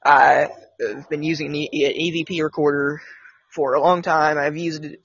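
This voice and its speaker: A man's voice: fairly high pitch, little pitch movement, normal speed, fairly bright tone, breathy edge. A man hosting a casual podcast, telling his own experiences in a rambling, hesitant way with many restarts. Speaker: podcast host. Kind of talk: casual storytelling chat. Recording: slightly dull, dry sound.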